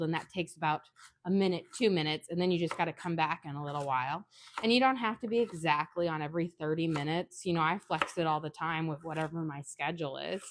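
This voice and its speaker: A woman's voice: fairly low pitch, a little hiss or hum. A woman in her home kitchen, chatting casually while she demonstrates a recipe step by step and drifts into family stories. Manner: chatty, instructional, sidetracked into anecdotes. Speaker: home cooking vlogger.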